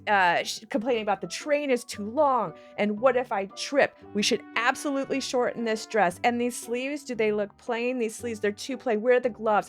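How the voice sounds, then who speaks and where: A woman acting as game master, narrating a tabletop role-play scene in a lively, descriptive way. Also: medium pitch.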